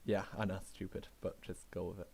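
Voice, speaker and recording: A man with a Northern English accent chatting calmly over a racing game and reading out setup numbers like a race engineer. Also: sits low, brisk, vocal fry. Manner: calm, reads out numbers and setup advice. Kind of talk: casual chat while gaming.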